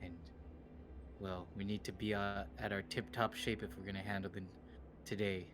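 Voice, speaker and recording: A young man playing his character in a tabletop game, speaking softly with halting restarts. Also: on the low side, little pitch movement, background noise. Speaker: player.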